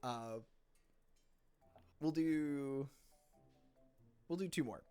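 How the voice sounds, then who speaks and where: A man's voice: mid-range voice, extremely slow, dark tone, clean tone, faint music behind. A man narrating as game master of a tabletop game, in a loose, meandering way with self-corrections.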